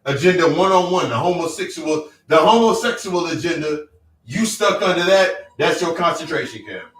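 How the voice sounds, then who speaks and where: A man's voice: fairly high pitch, expressive, normal speed, fairly bright tone. Blunt, profane man preaching in an echoey room. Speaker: self-help speaker. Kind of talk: motivational monologue. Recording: echoey room, distant mic, faint music.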